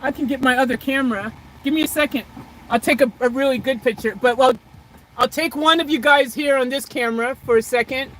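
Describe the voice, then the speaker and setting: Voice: high-pitched, fairly quick, a bit bright, slight background noise, rough recording. A vlogger chatting casually on a livestream outdoors beside a car, reading out viewer comments in a rambling, hesitant way full of restarts.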